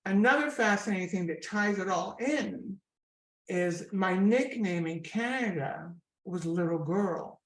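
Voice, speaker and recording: A woman in her sixties with a Scottish accent, telling her story with lively asides in an interview. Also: mid-range voice, measured pace. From Scotland. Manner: chatty, animated storyteller with asides. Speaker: guest comedian. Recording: echoey room.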